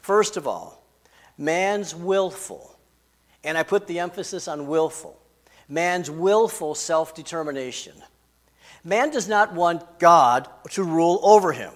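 A man preaching a sermon, emphatic, rising and falling in loudness and pace. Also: sits high, lively intonation, normal speed. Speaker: pastor.

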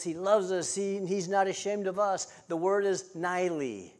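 Man preaching in swells and hushes. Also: high-pitched, fairly quick. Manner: swings between loud emphatic and hushed, intimate delivery; repetitive, rhythmic preaching cadence. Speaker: pastor. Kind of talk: sermon.

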